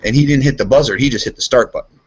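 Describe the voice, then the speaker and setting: A man's voice: medium pitch, racing, breathy edge. A man chatting casually as a guest, telling rambling work stories full of swearing. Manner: profane, rambling storyteller. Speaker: guest, steel mill worker. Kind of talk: casual chat. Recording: dull lo-fi podcast audio.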